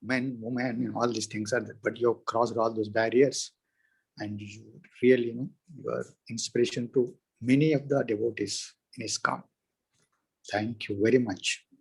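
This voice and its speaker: A man speaking on a video call, emotional and near tears, halting and grateful. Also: mid-range voice, fairly even intonation, creaky, slightly rough, poor audio. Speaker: devotee caller.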